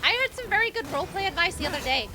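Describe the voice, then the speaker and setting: A woman's voice: very high voice, lively intonation, rapid-fire. A woman chatting playfully and giggling while she streams a game. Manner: giggly and playful, narrating her gameplay. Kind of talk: casual game stream chat. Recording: faint game music behind.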